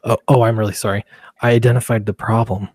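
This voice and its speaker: A man co-hosting a live stream, speaking quietly and hesitantly, apologizing often. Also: on the low side, level tone, fast, slightly rough. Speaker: stream co-host. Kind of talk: casual live-stream chat.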